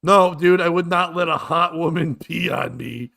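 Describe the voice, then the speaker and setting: Man, comedy podcast host, higher voice, rambling, stammering. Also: normal speed, gravelly, pushed and bright. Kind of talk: casual comedy chat.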